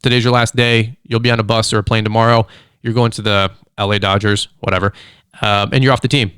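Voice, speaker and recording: A middle-aged man hosting a casual solo podcast, chatty and animated, acting out quick quoted voices as he tells stories. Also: on the low side, clean tone, dry recording, studio quality. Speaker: podcast host, lawn care business owner. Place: studio.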